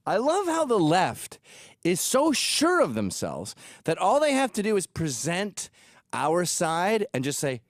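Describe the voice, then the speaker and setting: A man's voice: high-pitched, wildly swooping pitch, moderate pace, no room sound, clean studio sound. A man from England hosting a commentary show, reacting to video clips in a crude, sarcastic and mocking way. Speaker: host.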